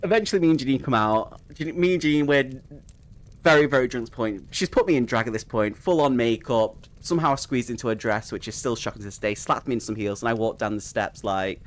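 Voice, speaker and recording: A man's voice: medium pitch, fast talker. A young man casually telling a rambling personal story, swearing freely and laughing at it as he goes. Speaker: streamer.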